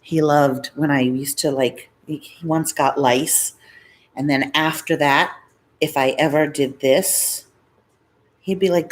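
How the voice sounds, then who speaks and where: A woman's voice: sits low, fairly even intonation, a little slow. A woman vlogger chatting casually to camera at home, rambling through stories.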